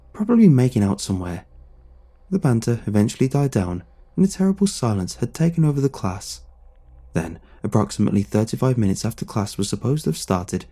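A man narrating a scripted horror story in a measured, reflective way. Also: lowish voice, creaky, mellow, breathy edge. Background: faint music.

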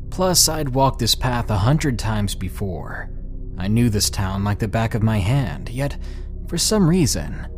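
Lively man narrating a horror story. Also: medium pitch. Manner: lively, dramatic storytelling with slowed emphatic phrases.

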